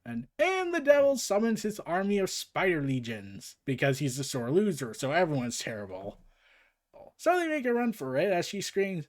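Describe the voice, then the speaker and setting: A man retells a comic book in a casual read-along, tossing in jokey asides. His voice is lively, with pitch swinging freely up and down. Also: moderate pace. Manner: joking, animated retelling with asides. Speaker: comic reader and commentator.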